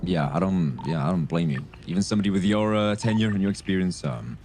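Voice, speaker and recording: A man chatting on the phone in a role-play, relaxed, amused and frank. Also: deep voice, fast talker.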